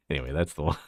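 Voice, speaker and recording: A man from Central Texas chatting casually on a livestream, swearing freely and laughing often while he fiddles with his setup. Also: rumbling low. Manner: loose and profane, laughs often, talks while fiddling with settings. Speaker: livestreamer showing his avatar model.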